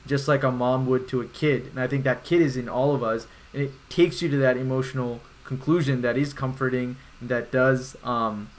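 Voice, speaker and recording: A young man takes part in a casual podcast film debate. He makes his points in a measured way and hands the floor to others. His voice sits at an ordinary pitch. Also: fairly even intonation. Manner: measured, moderates the discussion. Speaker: podcast co-host.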